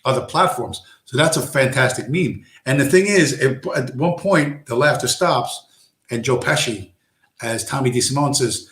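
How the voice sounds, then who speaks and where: A man's voice: mid-range voice, expressive, normal speed, a bit bright, roomy sound. Rambling New man on a stream. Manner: rambling storyteller, acts out quoted tough-guy lines, swears. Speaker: live stream host. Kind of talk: casual rambling stream chat.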